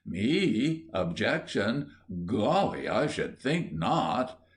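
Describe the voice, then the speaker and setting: A man's voice: lowish voice, very animated, extremely slow, heavily acted. A man voicing an amazed schoolboy who stammers in disbelief. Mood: astonished. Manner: stammering, dumbstruck. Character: astonished scruffy schoolboy.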